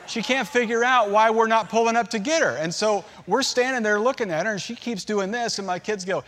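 Middle-aged male pastor, fairly high voice, chatty storytelling sermon with jokes. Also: fairly quick, fairly bright tone, a faint crowd, slight background noise. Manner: storytelling, conversational, humorous asides.

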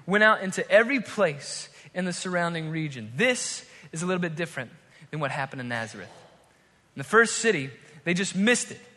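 A man delivers a sermon in a high, bright voice, acting out the story as he tells it. The sound carries the long reverb of a large hall. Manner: animated storytelling, acts out crowd and demon voices. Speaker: pastor.

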